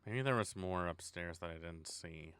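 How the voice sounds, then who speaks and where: A man's voice: deep voice, normal speed, fairly bright tone, clean tone. A man streaming a horror game, thinking aloud in a sarcastic, swearing way. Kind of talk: casual horror game let's play.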